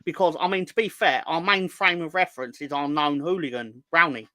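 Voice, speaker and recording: A man's voice: on the high side, a little fast, pushed and bright, no echo. A man with a London accent co-hosting a casual football podcast, rambling and joking as he reads out viewer comments. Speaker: podcast co-host.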